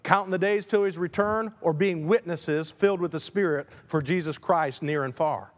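Male pastor, high voice, animated sermon delivery with loud emphases and soft asides, in a church. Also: moderate pace. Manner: animated preaching, swings between loud emphasis and quiet asides. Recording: long hall reverb.

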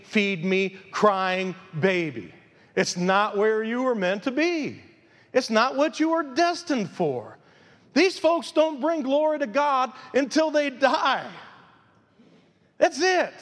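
Male pastor, emphatic, chatty preaching, very high voice, reverberant sanctuary. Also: fairly bright tone. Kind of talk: sermon. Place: church sanctuary. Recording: long reverb of a large church hall.

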